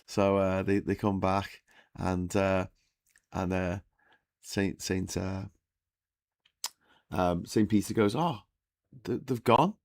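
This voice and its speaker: A man's voice: deep voice, little pitch movement, takes it slowly, pauses often, darkish tone, no room sound, studio quality. A hungover man hosting a casual morning live stream, telling jokes and rambling through the news with frequent restarts.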